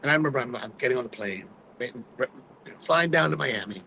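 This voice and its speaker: A man's voice: medium pitch, expressive, quick pace, creaky, sharp tone, slight background noise, rough recording. A man hosting a cigar review, chatting casually to live viewers and rambling through personal stories. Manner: rambling storyteller, mimics his own grumbling.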